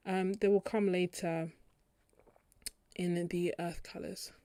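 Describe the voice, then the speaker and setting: A woman's voice: fairly low pitch, level tone, slow pace, warm tone, a little hiss or hum. A young British woman chatting casually on a live stream while she swatches paints, laughing often and thinking aloud. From Britain. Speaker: art channel host.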